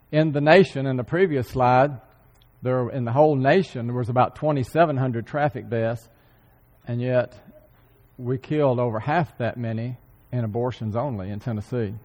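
A man preaching a sermon, earnestly repeating key phrases for emphasis and often clearing his throat. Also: medium pitch, darkish tone. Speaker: church speaker. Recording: long hall reverb.

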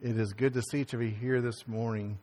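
A man's voice: medium pitch, fairly even intonation, brisk, a little mellow. A man leading a congregation as pastor, giving folksy church announcements and opening remarks. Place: church sanctuary. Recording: long hall reverb.

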